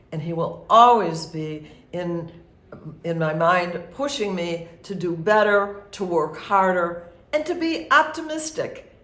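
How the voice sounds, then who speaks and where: A woman's voice: on the low side, a bit bright. A woman speaking a tender, heartfelt tribute to a dear friend at a memorial. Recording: echoey room.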